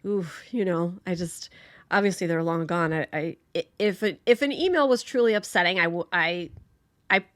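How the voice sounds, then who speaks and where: A woman with a fairly low voice chats casually as a podcast guest. She laughs often and restarts her sentences mid-thought. The sound is close and dry. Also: normal speed, a bit bright, dry recording. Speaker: podcast guest, patient advocate. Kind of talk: casual conversation.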